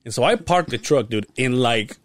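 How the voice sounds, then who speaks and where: A young man co-hosts a podcast and spins a casual, profane story, jumping between his own voice and quoted people. His pitch swings up and down a lot. The sound is close and dry, with no room around it. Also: animated, normal speed, no echo. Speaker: podcast co-host.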